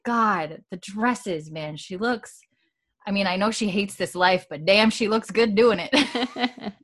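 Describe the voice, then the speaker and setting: A woman's voice: mid-range voice, a bit bright. Giggly woman recapping a show. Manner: giggly, acts out characters' lines in quick voices. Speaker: podcast co-host. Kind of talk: casual podcast recap chat.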